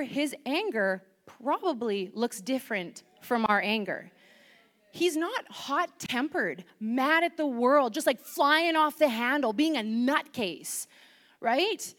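A woman preaching a chatty, animated sermon, asking the congregation questions into a microphone. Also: sits high.

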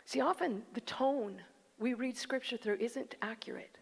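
A woman's voice: on the high side, unhurried, vocal fry, breathy edge. A woman preacher giving a sermon, with conversational, emphatic delivery that speaks directly to the listeners. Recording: long hall reverb.

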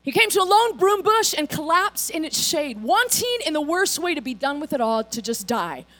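High-voiced woman preaching a lively sermon. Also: moderate pace. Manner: animated storytelling, acts out characters' lines. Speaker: pastor.

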